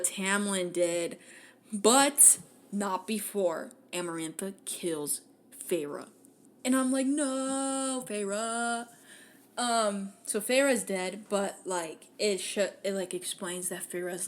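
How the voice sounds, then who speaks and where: A young woman hosting a podcast, casually retelling a fantasy novel with lots of swearing and acted-out lines. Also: medium pitch. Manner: animated, acts out characters' lines, swears freely. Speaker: podcast host. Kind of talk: casual book recap.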